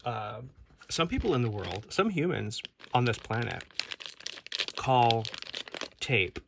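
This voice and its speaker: Taking it slowly, a very animated man with a creaky, medium-pitched voice reviews a newly unboxed toy at home, with background noise behind him. As a toy collector vlogger, he rambles loosely, full of restarts and tangents.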